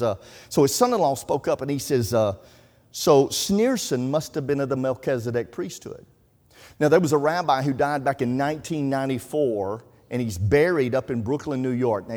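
A man's voice: medium pitch, darkish tone. A man preaching a sermon, telling folksy stories and quoting scripture. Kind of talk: sermon storytelling. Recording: reverberant hall.

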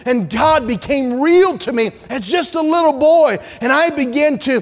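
Male pastor, high-pitched, fervent sermon delivery with hushed asides, long church reverb. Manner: preaching with swells to loud fervor and drops to soft, hushed pleading. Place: church sanctuary.

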